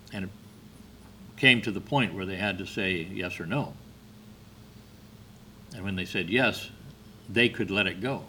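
A man giving a sermon, telling stories in a slow, measured way with brief hesitations. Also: sits low, sharp tone, slight background noise. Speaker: preacher.

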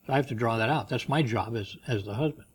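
A man preaching a sermon in a conversational way, moving between loud, emphatic reading and quiet asides. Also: mid-range voice, quick pace, husky. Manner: reads scripture and commentaries aloud with rising emphasis. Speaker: pastor.

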